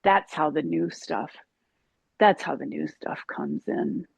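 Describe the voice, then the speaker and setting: A yoga teacher talking slowly in a casual spiritual chat, halting with many ums and restarts. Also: female voice, low-pitched, sing-song, creaky, slightly rough, dry recording, lo-fi sound.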